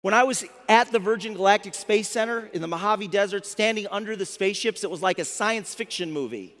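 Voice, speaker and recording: A man in his fifties, a motivational speaker, telling a story to a live audience in an animated way, often restarting his words. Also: sits high, brisk. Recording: long hall reverb.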